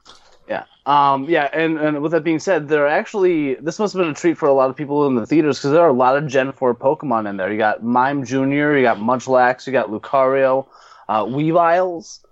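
A man co-hosting a casual movie chat, measured and working from his notes. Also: mid-range voice, no room sound, dull audio. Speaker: podcast co-host.

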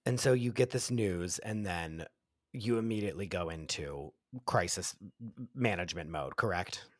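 A man's voice: deep voice, moderate pace, no room sound, studio quality. A man, the podcast's producer, interviewing in a curious, thoughtful conversational way.

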